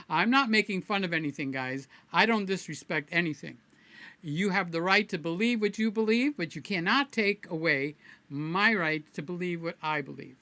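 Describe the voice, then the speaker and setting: A man hosting a live stream in a loose, rambling, playful chat, greeting viewers one by one. His voice is bright and forceful, and the sound is close and dry with no room echo. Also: high-pitched, animated, moderate pace. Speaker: livestream host.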